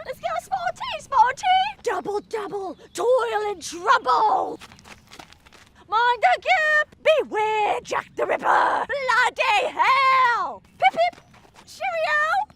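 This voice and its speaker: A woman voicing a shrill, over-the-top fake-English caricature in a comedy sketch, squealing and shouting stock catchphrases. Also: very animated, slow pace, heavy background noise, exaggerated voice. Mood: mocking.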